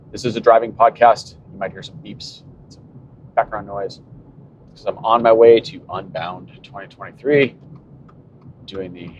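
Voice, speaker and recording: A man in his fifties hosts a solo cycling podcast from his car. He muses aloud in a wry, sarcastic way. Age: 50s. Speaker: cycling podcast host and coach. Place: in a moving car. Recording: muffled car recording with road rumble.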